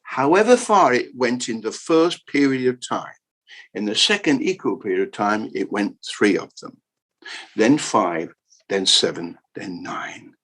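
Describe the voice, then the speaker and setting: A man from the UK gives a lively, humorous keynote lecture on the history of maths. He is jokey and animated, repeating words to drive points home, and his mid-pitched voice has a husky edge. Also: unhurried, poor audio. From United Kingdom. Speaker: keynote speaker.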